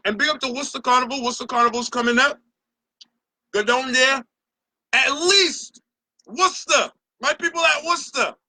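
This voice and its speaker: Ranting to camera on his own opinion show, a middle-aged Barbadian man speaks with heated emphasis and a lot of profanity. His voice is very high and sharply bright, moving at a moderate pace broken by long pauses. There's no room echo at all in the bone-dry sound.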